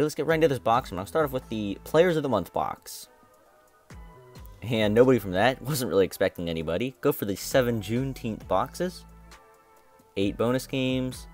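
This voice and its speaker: A man's voice: mid-range voice, animated, normal speed, darkish tone, faint music behind. A young man hosting his own gaming channel, commentating a mobile game box opening in a frustrated, complaining way and repeating himself.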